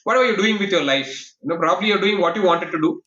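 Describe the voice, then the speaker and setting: A high, bright-voiced man talks fast and earnestly, laying out his argument in lists. His voice comes through an echoey, muffled call recording. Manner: earnest, explanatory, builds points in lists. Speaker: guest, professor and quiz master. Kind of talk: casual interview conversation. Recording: echoey, dull lo-fi call audio.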